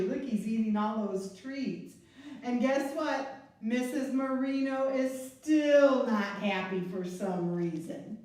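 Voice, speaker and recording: A woman librarian reads a picture book aloud to young children at an unhurried, deliberate pace. Her voice sits a little high and carries playful, expressive asides. The recording is very echoey, and she is some distance from the mic. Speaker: children's librarian reading storytime.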